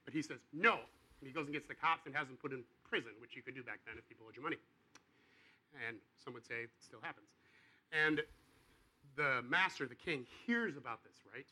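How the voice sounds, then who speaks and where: A man preaching a sermon in a casual, conversational way, acting out the dialogue of the people in his story and swinging between quiet and loud. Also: mid-range voice, fairly quick, low-quality recording. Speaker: pastor.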